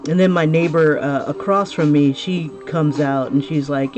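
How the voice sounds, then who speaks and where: A woman's voice: low-pitched, brisk. Chatty woman streamer over music. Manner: chatty, laughs often, restarts sentences. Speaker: livestreaming artist chatting with viewers. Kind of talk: casual livestream chat while drawing. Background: music playing clearly.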